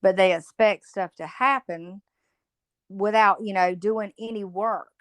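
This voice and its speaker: A woman, frank and outspoken as she shares stories in a casual podcast interview. Her voice sits at a medium pitch and is recorded dry and close, with no room sound around it. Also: fairly even intonation, a little slow, fairly bright tone, no room sound. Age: 50s. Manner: blunt, outspoken storytelling. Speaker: podcast guest, motivational speaker.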